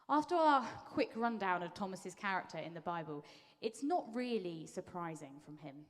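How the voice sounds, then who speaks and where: A woman preaching to a congregation in a church hall, chatty and animated as she retells a story. Her voice sits in a middling register. A long reverb trails after her words. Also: medium pitch, moderate pace, hardly any pauses. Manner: lively storytelling, acting out quotes in voices. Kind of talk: conversational sermon.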